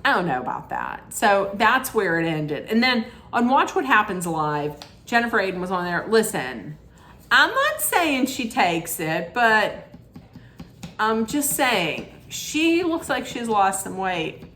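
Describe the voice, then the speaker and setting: A woman's voice: mid-range voice, sing-song, slow pace, sharp tone. A woman recapping reality TV in a casual, gossipy, sassy way from home, with plenty of fillers.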